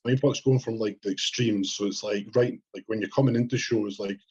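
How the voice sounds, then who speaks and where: A young Scottish man with a husky, fairly low voice chats on a podcast. He rambles, swears freely and bursts into quoting himself. The sound is dull and lo-fi. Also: steady tone, fairly quick, darkish tone. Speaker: podcast co-host, bodybuilder. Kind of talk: casual chat.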